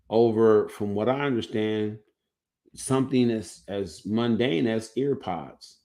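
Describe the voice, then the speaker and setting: Slow and warm, a man with a fairly low voice chats casually to his livestream viewers through a computer mic, sounding like a coach. His thoughts wander off and restart mid-sentence.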